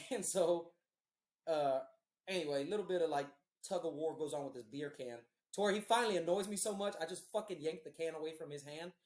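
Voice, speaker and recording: A man's voice: on the high side, brisk, a little mellow. A man in his thirties hosting a podcast, telling a profane story in casual chat and acting out what people said. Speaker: podcast host. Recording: roomy echo.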